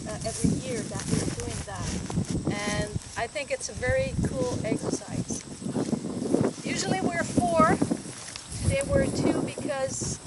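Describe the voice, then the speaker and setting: A woman with a Quebec French accent, a native French speaker, giving a chatty outdoor field talk to farmers by a soil pit and often asking them questions. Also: fairly high pitch. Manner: chatty, asks the crowd questions, invites interaction. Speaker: soil specialist presenter. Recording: loud outdoor noise, passing vehicles.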